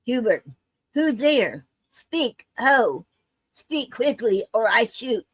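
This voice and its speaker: A woman reading the part of a male soldier bringing grim news at night, in a plain, measured voice. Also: fairly high pitch, very animated, breathy edge, no room sound, heavily acted, low-quality recording. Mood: grave.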